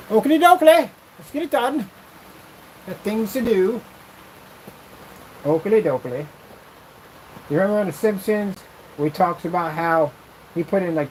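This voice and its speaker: A man rambling through a casual vlog while testing projection screen paint, animated, jokey and full of tangents. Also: fairly high pitch, a little hiss or hum, poor audio.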